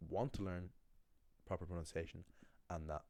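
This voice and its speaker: Deep-voiced man giving a casual lesson. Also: normal speed, no room sound. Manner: animated, acts out quoted voices. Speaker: language teacher.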